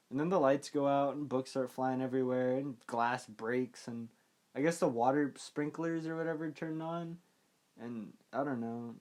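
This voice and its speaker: A man's voice: mid-range voice, darkish tone. A young man casually recapping a film, rambling and offhand, often trailing off with "like" and "I don't know.". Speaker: podcast host recapping a film.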